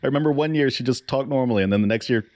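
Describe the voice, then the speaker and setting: A man's voice: medium pitch, rapid-fire. A man co-hosting a podcast in casual chat, laughing often, swearing and stumbling over repeated words. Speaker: podcast co-host.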